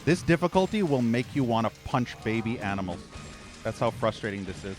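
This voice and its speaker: A man's voice: mid-range voice, very animated, a little fast, a little mellow, faint music behind. Exasperated, swearing man narrating his gameplay. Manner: profane, exasperated ranting at the game. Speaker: gaming channel host. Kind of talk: let's play commentary.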